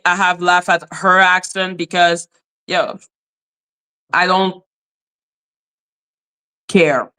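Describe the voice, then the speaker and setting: A woman's voice: lowish voice, sharp tone. A woman from Canada with a French accent, hosting a livestream commentary in a blunt, profane, indignant way. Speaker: commentary channel host.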